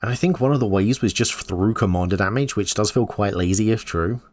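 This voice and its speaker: A man hosting a scripted news recap in a measured, conversational way. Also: fairly low pitch, a little mellow. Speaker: YouTube host.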